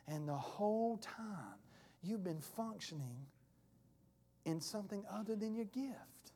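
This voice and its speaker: A man's voice: high voice, animated, measured pace, warm tone, breathy edge, long reverb tail. A man pastor preaching a sermon in a folksy way, acting out voices in his stories, in a church sanctuary.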